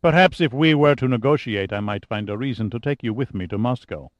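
Brief: narrator doing a cold, detached male agent, low-key menace, dry dull audiobook recording. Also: fairly quick, no echo, close to an everyday voice. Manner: cold, disinterested.

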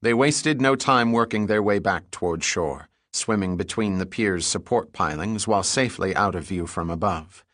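A man with a low voice reads an audiobook in steady, measured narration. The sound is dry and close, with no room around it. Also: no room sound. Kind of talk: scripted narration.

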